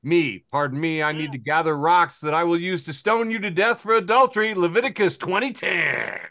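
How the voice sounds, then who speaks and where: A man's voice: fairly high pitch, fairly quick, bright, forceful tone, dry recording, clean studio sound. A man hosting a podcast, casually reading social media posts and memes aloud and chuckling between them. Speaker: podcast host.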